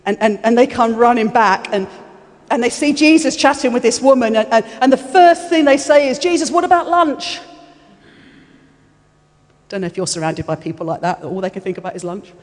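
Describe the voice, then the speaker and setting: A woman preaching a sermon, telling the story in an animated way, with repeated words and frequent laughter. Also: fairly high pitch, fairly quick. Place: church hall. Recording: echoey church hall.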